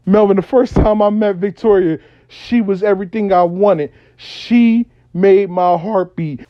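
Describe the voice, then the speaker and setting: A man's voice: sits high, measured pace, dry recording, lo-fi sound. A man voicing a lovesick, obsessive man who pleads and pours out his devotion to a woman. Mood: adoring. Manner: pleading, worshipful, rising intensity.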